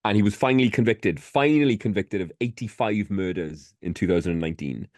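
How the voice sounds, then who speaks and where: A man with a very low voice co-hosts a casual podcast, rambling along with plenty of fillers and the odd swear word. The recording is dry and close, with no room sound. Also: fairly quick, a little mellow, dry recording. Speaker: podcast co-host.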